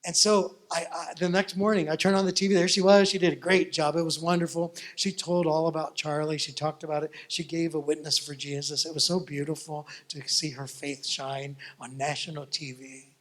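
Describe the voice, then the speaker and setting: A male pastor preaching with a high voice. He tells his story in an animated, folksy way that keeps the congregation listening. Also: brisk, hardly any pauses. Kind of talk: sermon storytelling.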